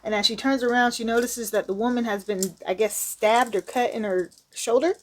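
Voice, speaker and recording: A woman's voice: a little high, fairly even intonation, moderate pace, slight background noise. A woman reviewing a manga, retelling the plot in a casual, slangy style with candid asides.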